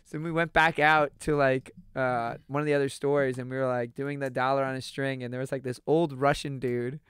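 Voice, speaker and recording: A young man telling a funny story in casual chat, animated and full of filler words, often acting out quotes. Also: mid-range voice, fairly quick, clean tone, no echo.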